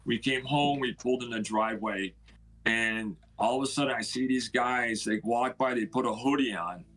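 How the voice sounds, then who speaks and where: Man, mid-pitched, house owner, halting emotional storytelling, acts out the dialogue. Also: a bit bright, low-quality recording. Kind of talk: personal storytelling.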